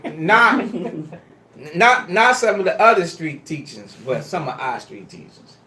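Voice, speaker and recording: Man, preacher, sermon, emphatic, pleading, swinging pitch, echoey room. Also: a bit bright, a little hiss or hum. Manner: emphatic, pleading and exhorting the congregation; casual, street-style phrasing. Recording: roomy echo.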